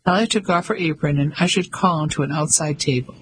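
A man giving measured scripted narration of an audiobook. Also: fairly high pitch, a bit bright, a little hiss or hum, poor audio. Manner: measured storytelling.

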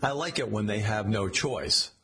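A man's voice: lowish voice, animated, normal speed, bright, forceful tone. A man reading a satirical story, voicing a vain, boastful male president who talks bluntly.

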